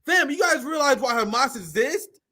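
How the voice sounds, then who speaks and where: High, bright-voiced blunt male commentator. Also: lively intonation, moderate pace. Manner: blunt, profane, mocking. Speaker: political commentary host. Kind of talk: reaction commentary stream.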